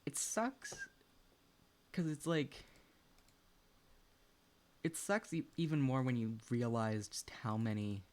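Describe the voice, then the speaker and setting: A man's voice: medium pitch, lively intonation, slow pace, pauses often. Young male streamer, loose and rambly, curses freely, chats to his pet and his viewers. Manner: rambling, swears often, laughs between thoughts; talks to a pet and chat while playing. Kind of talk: casual gaming chat.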